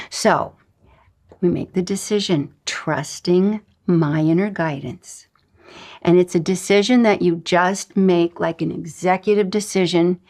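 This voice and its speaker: A woman teaching a spiritual lesson in an emphatic, coaching way, sometimes dropping into breathy whispers. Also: medium pitch, a little mellow. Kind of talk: recorded lesson.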